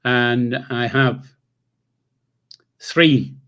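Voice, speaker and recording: A man's voice: mid-range voice, very slow, a bit bright. An older man, hosting a casual livestream and chatting loosely with viewers, with a rambling manner, casual swearing and chuckles to himself. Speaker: livestream host. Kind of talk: casual live chat reading comments.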